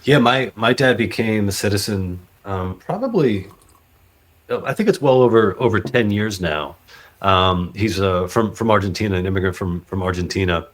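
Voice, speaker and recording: A fairly low-voiced man who hosts a podcast and chats casually with his guest. He talks haltingly and often stops on "uh" and "you know.". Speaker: podcast host.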